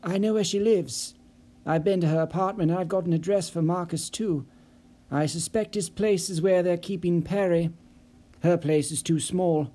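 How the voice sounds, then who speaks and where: A jittery, apologetic office worker who pleads to be left out of trouble, as a man performs him in an audiobook. His voice sits a little high with a soft, mellow tone. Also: normal speed. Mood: anxious. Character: nervous, fretful middle-aged office man. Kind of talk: audiobook character voice.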